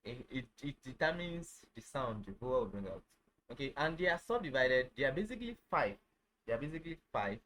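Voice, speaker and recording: A man teaching a casual online lesson, halting, with many fillers, who says each phrase over and over. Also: mid-range voice, sing-song, fairly bright tone, slight background noise, rough recording. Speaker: language teacher.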